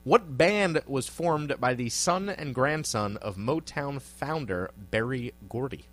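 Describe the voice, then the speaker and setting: A man's voice: mid-range voice, lively intonation, slow. A man co-hosting a trivia podcast in casual chat. He laughs often and jokes around loosely.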